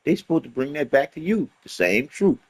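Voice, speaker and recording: A man with a fairly high voice that swings widely up and down, preaching his life lessons in loose street slang. He circles back on the same phrases, punches them with profanity, and keeps pressing his point like a sermon off the cuff. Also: very animated, a little fast, breathy edge. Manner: emphatic, profane, repetitive preaching. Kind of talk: rambling motivational monologue.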